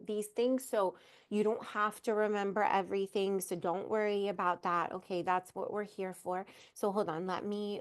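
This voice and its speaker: A woman hosting a live fertility webinar over a video call, talking warmly and emphatically to her listeners. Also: mid-range voice, clear, resonant tone. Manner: warm, effusive, addresses listeners as mama.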